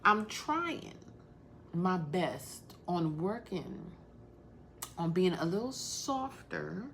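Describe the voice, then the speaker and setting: A woman's voice: fairly low pitch, very animated, very slow, fairly bright tone, a little hiss or hum. A woman hosting a casual crafting livestream, talking bluntly and straight to the point while calling out viewers by name.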